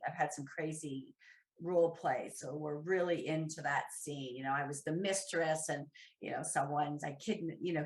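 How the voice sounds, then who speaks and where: A woman guest on a podcast, chatting in a lively, rambling way with restarts and side remarks. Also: deep voice. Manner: animated, rambling, with restarts and asides. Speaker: podcast guest, professional dominatrix. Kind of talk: casual chat. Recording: roomy echo.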